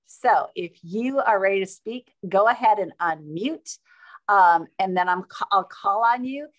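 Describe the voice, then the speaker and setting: A woman's voice: mid-range voice, expressive, lo-fi sound. Upbeat woman moderating a video call. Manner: upbeat, chatty, quick asides. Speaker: meeting host and moderator.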